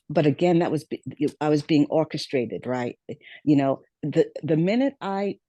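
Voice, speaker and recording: Woman guest with a mellow, warm voice, dry sound; reflective storyteller who repeats phrases. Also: low-pitched, dry recording. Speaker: podcast guest. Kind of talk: storytelling interview.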